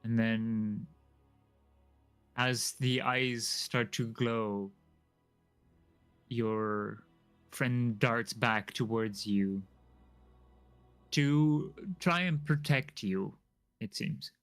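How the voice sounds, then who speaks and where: Slow-narrating male game master. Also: medium pitch, fairly even intonation, fairly bright tone, smooth, soft background music. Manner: slow, descriptive narration with frequent "um"s.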